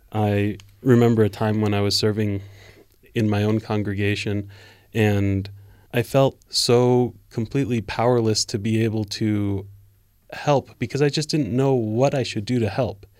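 Low-voiced man, earnest faith talk. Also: darkish tone, no echo, studio quality. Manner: earnest, measured storytelling. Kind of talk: reflective faith discussion.

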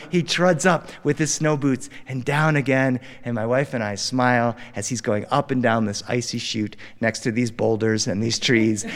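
A middle-aged man telling a personal story live in a studio before an audience, acting out the voices and swinging his pitch wide for drama. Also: big-room sound. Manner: animated, acts out dialogue with big pitch jumps.

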